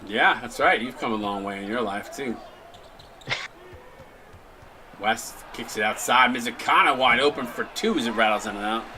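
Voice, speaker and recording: A man hosting a live stream, mixing casual chat with excited play-by-play calls. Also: mid-range voice, normal speed, long pauses, a little hiss or hum, poor audio. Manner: chatty, jokey, breaks into excited shot calls. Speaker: play-by-play commentator and stream host.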